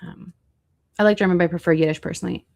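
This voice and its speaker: A woman's voice: fairly low pitch, fairly even intonation, very fast, vocal fry, darkish tone. A woman hosting a casual livestream, chatting with viewers and looking up foods online as she talks. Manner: chatty, reacts to chat and searches food online. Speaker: livestream host.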